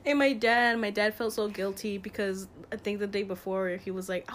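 A woman's voice: mid-range voice, fairly even intonation, moderate pace, few pauses, slight background noise. A young woman co-hosting a podcast, chatting casually, laughing a lot and teasing. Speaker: podcast co-host. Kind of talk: casual chat.

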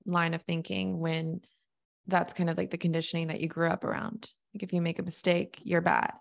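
Gravelly-voiced woman hosting. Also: lowish voice, little pitch movement, a little fast. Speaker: podcast host. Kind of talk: casual podcast interview.

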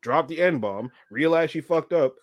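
A man in his thirties hosting a podcast, telling stories in a casual, animated way and acting out the people in them. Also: a little high, a little slow, no room sound, muffled recording. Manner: animated, laughing storyteller acting out quotes. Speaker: podcast host. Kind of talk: casual storytelling chat.

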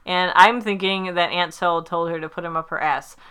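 A woman's voice: on the low side, steady tone, normal speed, fairly bright tone, clear, resonant tone. A woman recapping a sitcom episode in casual chat, rambling with fillers and acting out the characters' lines. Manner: chatty, rambling with many fillers, acts out quotes.

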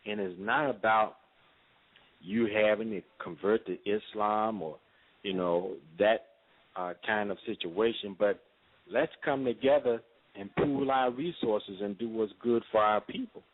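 Low-voiced man on a phone line. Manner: measured, preacherly, many fillers. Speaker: interview guest. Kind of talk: phone-in radio interview.

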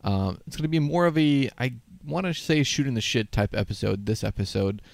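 Animated, gravelly-voiced male podcast host. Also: medium pitch, a little fast, no room sound. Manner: joking, rambling, laughs often. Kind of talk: casual podcast chat.

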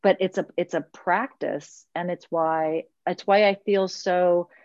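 A woman's voice: lowish voice, steady tone, measured pace, a little mellow, dry recording. A woman guest who leads circles, telling earnest, reflective stories and acting out what others said. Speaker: podcast guest, circle facilitator. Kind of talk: podcast conversation. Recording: slightly dull, lo-fi audio.

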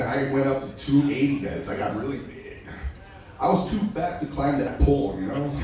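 A man's voice: fairly high pitch, highs cut off. A man doing a crude, rambling stand-up set, swearing a lot, laughing at his own jokes and a bit out of breath. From Mexican heritage. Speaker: stand-up comedian. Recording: echoey room, mic far off, loud noise.

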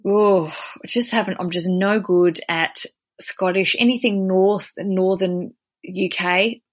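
An Australian woman hosting a podcast in casual, chatty talk, animated and quick to poke fun at herself. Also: mid-range voice. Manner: chatty, animated, self-deprecating. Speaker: podcast host.

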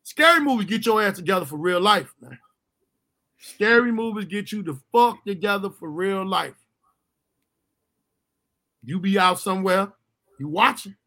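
A man telling a profane, comic childhood story in casual chat, laughing and acting out other people's voices. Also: high-pitched. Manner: animated, laughs often, acts out voices, swears freely.

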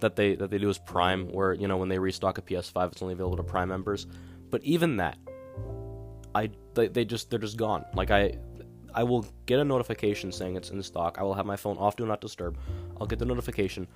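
Young man, deep low voice, podcast host, casual rambling, exasperated, guitar music behind. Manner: rambling, exasperated storytelling with many fillers. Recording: guitar music playing underneath.

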